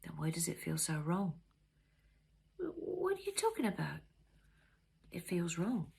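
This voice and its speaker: A woman reading aloud, voicing a nervous young man who speaks quietly and hesitantly in a husky voice. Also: lowish voice, huge pitch swings, measured pace, full character voice. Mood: anxious. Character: young man, nervous groom, soft-spoken.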